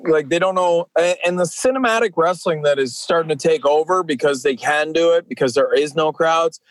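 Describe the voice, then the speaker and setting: 40s wrestler guy chatting on a podcast, kinda high voice, dry mic, rambly with lots of restarts. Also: fairly quick, no room sound, rough recording. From Atlantic Canada. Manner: rambling, many fillers and restarts. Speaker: podcast guest, professional wrestler. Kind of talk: casual podcast chat.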